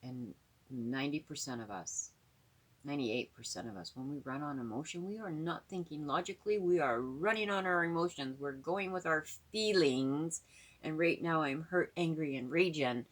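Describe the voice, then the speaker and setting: Middle-aged woman, low husky voice, casual vlog talk, earnest and rambling. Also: moderate pace. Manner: rambling, earnest, many fillers and repeats. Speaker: vlogger.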